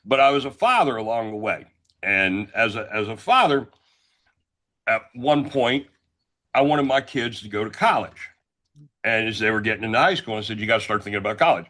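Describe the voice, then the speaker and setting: Loud brash Northeastern man, lowish voice. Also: expressive, normal speed, long pauses. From Northeastern United States. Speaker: guest entrepreneur. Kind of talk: casual talk show storytelling.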